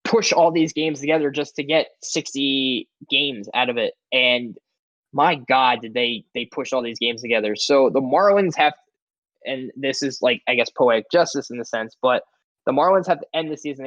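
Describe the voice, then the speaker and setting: A man co-hosts a sports podcast with a medium-pitched, slightly bright voice at normal speed, recorded with no room sound and dull audio. He rambles casually, filling his talk with "like"s and restarts.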